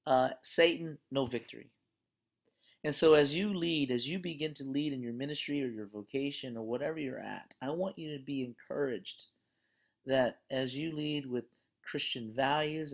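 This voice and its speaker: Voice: mid-range voice, gravelly. A course instructor wrapping up a class with a chatty story, talking in a conversational, earnest and encouraging way with plenty of fillers. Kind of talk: closing lecture with a story.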